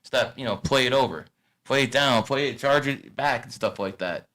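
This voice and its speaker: A man in his thirties hosting a casual chat, blunt and profane, swinging from loud rants to low asides. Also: moderate pace. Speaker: podcast host.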